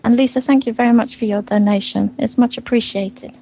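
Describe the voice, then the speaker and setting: A cheerful woman on a podcast panel, making quick apologetic asides. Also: fairly high pitch, fairly even intonation, dull audio, slight background noise. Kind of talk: casual podcast chat.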